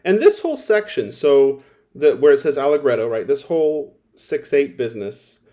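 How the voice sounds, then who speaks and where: In recorded lesson feedback, a violin teacher walks through a performance methodically and directively, now and then singing phrases as examples. His voice is mid-range and dark, with big pitch swings, at a normal speed.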